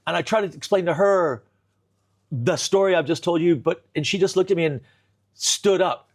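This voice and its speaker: A man telling a long comic story in a kitchen chat, animated, full of restarts and bursts of laughter. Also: high voice, moderate pace. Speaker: comedian guest.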